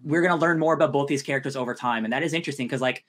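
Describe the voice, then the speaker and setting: A man co-hosting a podcast, reviewing a show in casual chat, talking quickly with lots of fillers and quick mock voices. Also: mid-range voice. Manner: fast, animated, filler-heavy, drops into mock voices. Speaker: podcast co-host.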